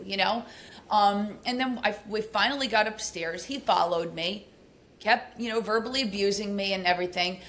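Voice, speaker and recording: A woman's voice: a bit bright, a little hiss or hum. A woman guest on a podcast, candidly recounting a painful personal story with many fillers, her voice climbing when the memory gets heated. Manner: rushed, candid, many fillers, pitch rising as she relives anger.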